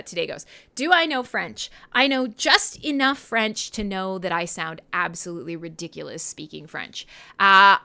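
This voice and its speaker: A woman's voice: mid-range voice, bright, forceful tone. A woman from Canada hosting a casual internet radio livestream, chatting in a rambling way and laughing often. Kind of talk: casual livestream chat, reading chat questions.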